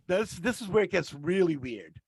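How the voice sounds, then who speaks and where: High, gravelly man telling stories. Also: sing-song, moderate pace, darkish tone, no room sound. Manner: rambling, restarts mid-sentence. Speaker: podcast regular, rideshare driver. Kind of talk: casual storytelling.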